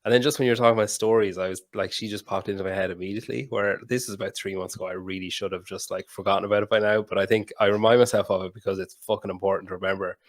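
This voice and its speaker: A man hosting a podcast, telling a story with animated quoted dialogue and plenty of swearing. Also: low-pitched, very fast, few pauses. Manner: animated anecdote-telling, swears freely, mimics people in quotes. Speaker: podcast host. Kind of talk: casual podcast conversation, storytelling.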